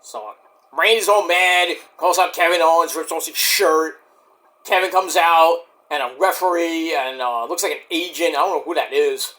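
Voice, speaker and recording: A man reviewing shows keeps up a rambling, profane running commentary as he watches, talking to himself about the action. His voice sits on the high side with a sharp tone, and he moves at a moderate pace.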